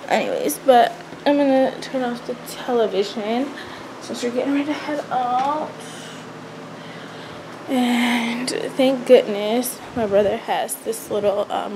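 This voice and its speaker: A woman's voice: fairly high pitch, noisy background. A pregnant young woman rambling in a casual vlog, cranky and stressed. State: pregnant and tired. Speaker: vlogger.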